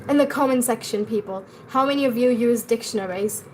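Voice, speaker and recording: A woman's voice: fairly high pitch, brisk, slight background noise. Chatty Indian woman teaching pronunciation live. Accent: Indian English. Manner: chatty, answers viewers' comments as she teaches. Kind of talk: live-streamed English lesson.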